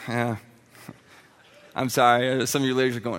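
A man preaching a sermon with humorous stories, talking in an animated way and acting out comic voices. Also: mid-range voice, fairly quick, long pauses, big-room sound, slight background noise. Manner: quiet and hushed while praying. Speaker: pastor.

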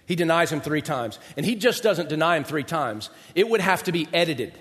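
A pastor preaching a sermon with an animated, dramatic delivery and joking asides. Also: male voice, a little high, a little fast. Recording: long hall reverb.

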